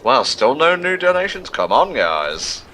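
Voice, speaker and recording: A man's voice: medium pitch, big pitch swings, measured pace, pushed and bright, faint music behind. A man co-hosting a casual gaming livestream, chatty, reading viewer questions aloud and commenting on the game. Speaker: livestream co-host reading chat.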